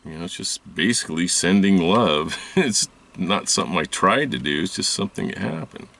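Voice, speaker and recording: Man, very low gravelly voice, rambling personal storytelling host, recorded from a distance. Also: animated, a bit bright. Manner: halting, rambling, many restarts and fillers. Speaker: spiritual video host. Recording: voice distant from the mic.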